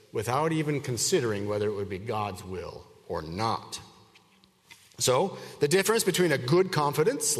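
A man preaching an expository sermon to his congregation, measured and emphatic, leaning hard on key words. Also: medium pitch. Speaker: pastor. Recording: long reverb of a hall.

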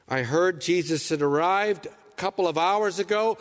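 A man's voice: a little high, lively intonation, moderate pace, hardly any pauses, big-room sound. A man preaching a sermon, reading scripture and voicing anguished questions with earnest intensity. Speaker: pastor.

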